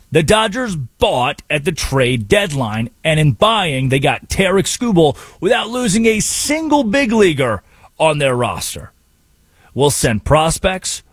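A man's voice: a little high, slightly rough, no room sound. A man hosting a sports talk radio show, arguing his points emphatically in a monologue. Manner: emphatic, animated, argumentative.

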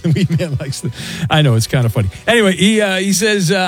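A male talk radio host with a somewhat high voice, trading jokes with callers and reading listener questions in a brisk, teasing way. Faint music sits quietly under the talk. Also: very animated, slightly rough. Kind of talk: sports talk radio banter.

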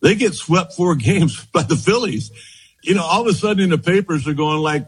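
Middle-aged guy in an interview, raspy-ish voice, rambles through old stories and quotes people, lots of restarts. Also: a little high, expressive, normal speed, poor audio. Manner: rambling anecdotes, quoting others, frequent restarts. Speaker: former baseball pitcher. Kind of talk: storytelling interview.

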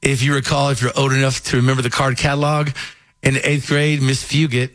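Animated Southern radio storyteller, man. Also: mid-range voice, brisk, no echo. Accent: faint Southern. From Kentucky. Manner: animated storyteller, acts out voices. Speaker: radio host. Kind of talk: casual radio chat, storytelling.

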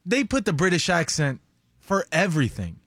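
A man co-hosting casual studio banter, arguing his points with quick asides. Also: on the high side, big pitch swings, a bit bright, dry recording.

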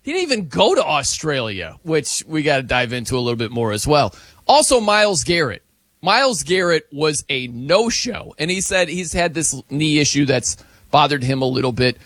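A man hosting a casual sports talk show, animated and emphatic, laughing often. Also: on the high side, moderate pace, dry recording.

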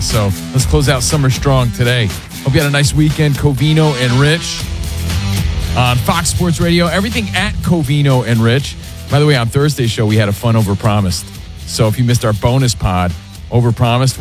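A man's voice: medium pitch, normal speed, music in the background. A man hosting a sports radio show, talking casually and rambling with fillers. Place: radio studio.

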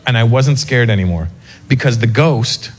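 A man from North America doing stand-up comedy, telling a story in an animated, self-mocking way. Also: mid-range voice, normal speed.

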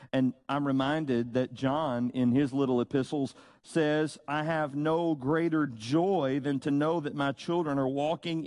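A man preaching a sermon, slow and emphatic, with dramatic pauses and rhetorical questions. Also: on the high side, a little mellow, no echo. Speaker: pastor.

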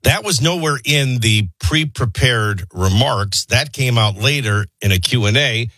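A man's voice: mid-range voice, expressive, unhurried, pushed and bright, no room sound. A man hosting a morning radio show, reading the news with opinionated, sardonic asides. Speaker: radio talk show host.

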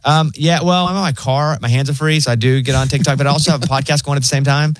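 A man's voice: fast, no room sound. A young adult man co-hosting a casual talk show, telling stories and mimicking voices. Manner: animated storyteller, mimics voices in high pitch. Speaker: co-host. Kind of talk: casual chat.

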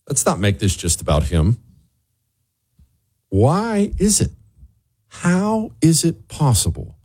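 A man's voice: fairly low pitch, darkish tone. A man hosting a talk show, delivering a sarcastic, ranting commentary monologue that drifts into asides. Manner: wanders off on asides.

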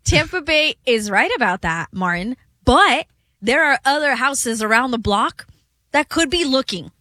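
A woman co-hosting a casual sports talk show, agreeable and quick to back up her partner. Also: high voice, expressive, pushed and bright, no echo. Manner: agreeable, frequent affirmations.

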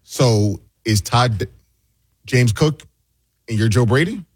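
Wry husky man chiming in. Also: mid-range voice, lively intonation, slow pace, no echo, clean studio sound. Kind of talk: casual radio chat.

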